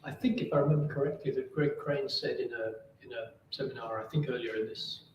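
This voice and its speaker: A man chairing an academic seminar and asking questions, halting, with many fillers and repeated words, over a video call. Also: medium pitch, fairly even intonation. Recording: distant, roomy, dull and lo-fi, faint noise.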